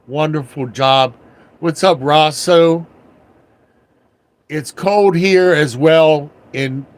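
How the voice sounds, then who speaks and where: Older man, slow folksy rambling storyteller. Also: fairly high pitch. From Washington area, USA. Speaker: livestream host. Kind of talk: casual storytelling livestream.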